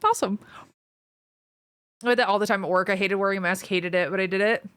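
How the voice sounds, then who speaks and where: Steady in tone and mid-range in pitch, this woman's voice is a bit bright, clear, and resonant. She streams live as a surgical trainee, casually chatting and reading viewer comments aloud, speaking frankly and profanely and venting quickly.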